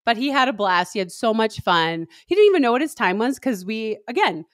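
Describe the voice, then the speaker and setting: Animated woman telling a story, dry sound. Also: fairly quick, dry recording. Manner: animated storytelling, acting out quotes in a high voice. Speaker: podcast co-host. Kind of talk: casual chat.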